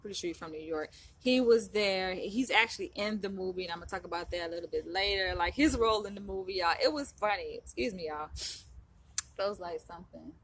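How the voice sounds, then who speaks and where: A woman's voice: medium pitch, fairly quick, fairly bright tone, a little hiss or hum. A woman vlogger talking casually to her viewers, rambling with lots of fillers like "you know" and "like". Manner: chatty, rambling, full of fillers. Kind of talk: casual chat to camera. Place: in Los Angeles.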